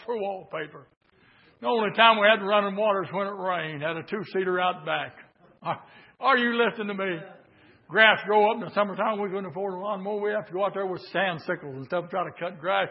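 Male revival preacher. Pitched high, swings from hushed pleading to full shouts. Dull, lo-fi recording. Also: brisk, slightly rough. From southern Indiana, USA. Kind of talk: revival sermon.

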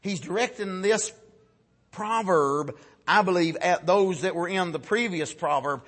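Husky-voiced preacher. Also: male voice, a little slow. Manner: swings from loud shouting peaks to low quiet asides, folksy. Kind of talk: sermon.

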